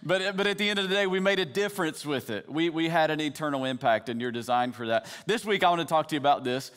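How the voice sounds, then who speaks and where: A man's voice: a little high, quick pace, a bit bright, smooth. A man in his thirties preaching a sermon, moving from easy storytelling to fervent preaching. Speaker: pastor. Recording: reverberant hall.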